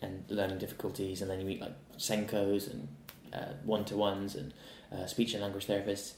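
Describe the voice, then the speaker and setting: Rambling man with a lowish voice. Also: monotone, fairly quick, darkish tone, a little hiss or hum. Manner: rambling anecdotes full of fillers and restarts. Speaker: guest, actor. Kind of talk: casual podcast chat. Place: indoor room. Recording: roomy echo.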